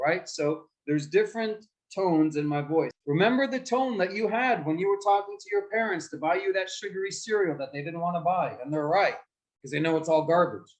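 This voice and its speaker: A man teaching young students about debate in a lively way, asking them questions and acting out examples. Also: fairly high pitch, normal speed, rough recording. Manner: lively, asks the class questions and acts out examples. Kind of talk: explaining debate skills to children.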